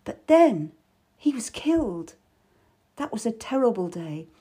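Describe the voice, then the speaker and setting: A woman's voice: on the high side, very animated, a little slow, dark tone, slightly rough, pitched above the performer's own voice, heavily acted. A woman voicing a worldly, tough middle-aged lady courtier who speaks wistfully and with sudden bitterness, for an audiobook. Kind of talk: audiobook character voice.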